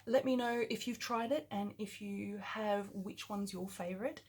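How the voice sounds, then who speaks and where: A woman's voice: mid-range voice, normal speed, noisy background. An Australian woman talking casually and enthusiastically through a taste test in her vlog, thinking aloud as she goes. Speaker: vlogger.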